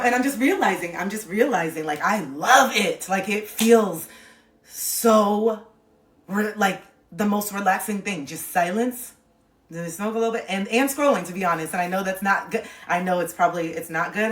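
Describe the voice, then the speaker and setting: A woman hosts a casual livestream, rambling and confiding, her speech full of "like" fillers. Her voice is medium-pitched and fairly bright, but the mic is distant, the room echoey, and she sounds a bit off-mic.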